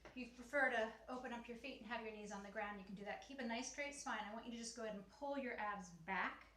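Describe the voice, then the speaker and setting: Breathy Pilates teacher counting reps. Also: female voice, on the high side, fast talker, bright, forceful tone. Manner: encouraging, counts reps aloud, chatty asides. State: slightly out of breath. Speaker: Pilates instructor. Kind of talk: guided mat workout cueing. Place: home room. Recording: echoey room, faint ambient noise.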